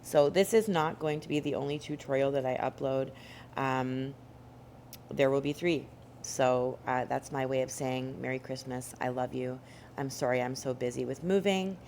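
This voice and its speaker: A woman's voice: extremely low pitch, moderate pace, darkish tone, slight background noise. A woman teaching a painting tutorial from home, chatty and rambling with many fillers. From Canada. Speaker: rock painting instructor. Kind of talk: casual tutorial narration. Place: home indoors.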